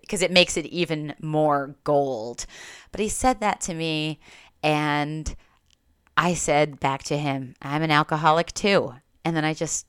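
Low-voiced woman telling a candid story. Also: fairly bright tone, smooth, no room sound, studio quality. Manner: candid, swears casually, frequent "like" and restarts. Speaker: podcast host. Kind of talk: confessional personal storytelling.

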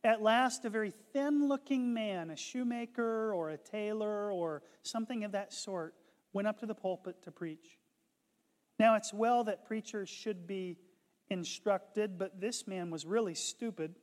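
A man preaching a sermon, retelling a conversion story and building to impassioned shouts. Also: high voice, unhurried, big-room sound. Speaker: pastor.

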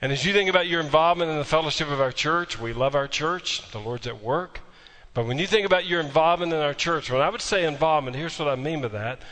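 A man's voice: on the high side, fast talker, pushed and bright, big-room sound. A man preaching a sermon as pastor, telling a humorous story before moving into emphatic preaching.

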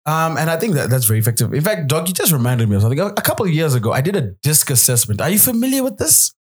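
A male host with a husky voice asks questions in casual conversation. His pitch moves around a lot, giving him an animated, playful sound. He keeps the chat inquisitive and light. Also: very fast. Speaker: podcast host.

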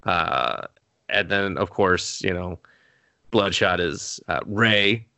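Bright, sarcastic man in casual banter. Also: low-pitched, gravelly, no room sound. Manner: rambling, sarcastic, quick quoted asides. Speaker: podcast co-host. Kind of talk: casual movie-review banter.

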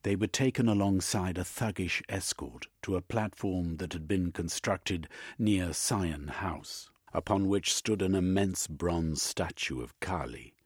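A man reading a story aloud with a very low, husky voice. His narration is quiet and measured. The sound is close and dry, with no room around it. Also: no room sound. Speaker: audiobook narrator. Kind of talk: scripted narration.

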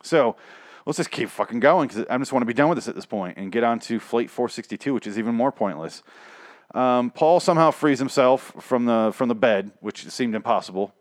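A man's voice: mid-range voice, a little fast, dry recording, clean studio sound. A man giving a casual, sarcastic and profane recap of TV episodes, rambling as he goes. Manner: sarcastic, rambling, heavy swearing. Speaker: show reviewer.

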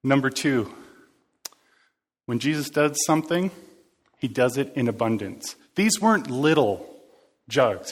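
Man, casual sermon, chatty, jokey, talks with the congregation, medium pitch. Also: expressive, a little slow, pauses often. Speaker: preacher.

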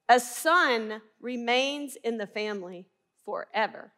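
Speaking at a measured pace in a slightly high, a bit bright voice, this middle-aged Arkansas woman teaches the Bible. Her Southern twang accompanies an earnest, emphatic style full of rhetorical questions aimed at her listeners.

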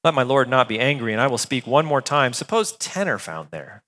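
Pastor in a reverberant hall. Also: male voice, medium pitch, brisk. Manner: conversational, animated, with filler words and restarts. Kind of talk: sermon.

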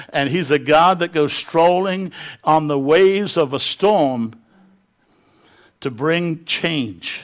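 A man's voice: on the high side, measured pace. Impassioned male preacher. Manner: impassioned, dramatic storytelling. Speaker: pastor. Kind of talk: sermon.

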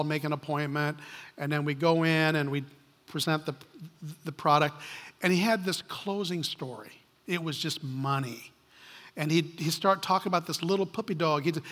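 A pastor with a rather high, fairly bright voice preaches a sermon from a church stage. He tells stories conversationally with frequent restarts, and a long hall reverb fills the recording.

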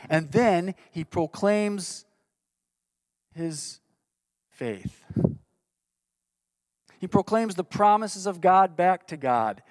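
A man's voice: sits high, animated, slow pace, pauses often, no echo. A man preaching a sermon in an earnest way, reading scripture aloud with rising intensity. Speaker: pastor.

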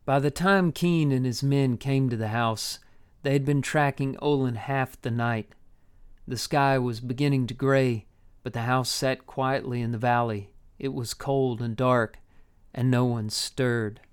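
Male audiobook narrator, clear resonant tone, measured and unhurried. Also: mid-range voice, fairly even intonation.

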